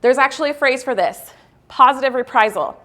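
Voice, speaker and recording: Opening with a self-mocking anecdote, a woman keynoting a university event keeps the mood light with humor and lots of laughs. She then slows into a low, earnest voice to draw out the lesson.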